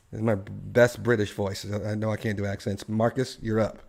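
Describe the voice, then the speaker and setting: A man's voice: on the low side, level tone, moderate pace, vocal fry, few pauses, darkish tone. A man hosting a casual live-stream discussion, telling a story and putting questions to his co-hosts and the chat. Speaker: live show host.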